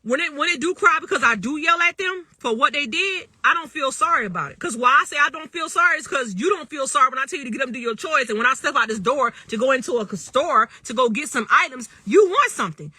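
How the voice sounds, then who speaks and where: A woman in her thirties speaks straight into her phone on a live stream. Her voice is very bright and cutting, and she talks in an emphatic, repetitive way, often checking in with her listeners. The sound is dry and close, with no room around it. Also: sits high, slightly rough, no room sound. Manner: emphatic and repetitive, often asks "you know what I'm saying". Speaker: livestream host talking to viewers. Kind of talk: casual livestream monologue.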